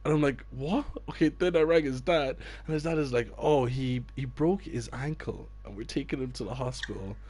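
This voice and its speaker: A man's voice: mid-range voice, brisk, hardly any pauses, a little mellow. A man, a youth football coach telling a story in a casual chat with friends and acting out the people he quotes. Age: 20s.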